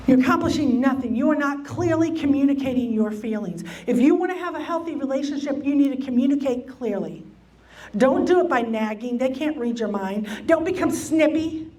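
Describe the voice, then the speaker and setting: A woman with a high, slightly mellow voice teaches a church lesson on relationships in a meeting room. As the Bible study teacher, she speaks emphatically, repeats key phrases, and acts out what people might say.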